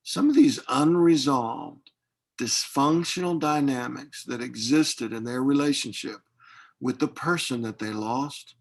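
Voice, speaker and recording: A man's voice: mid-range voice, a little slow, creaky. A man speaking as a grief counselor in an online workshop, reflective and hesitant, with frequent fillers and restarts, heard over a video call.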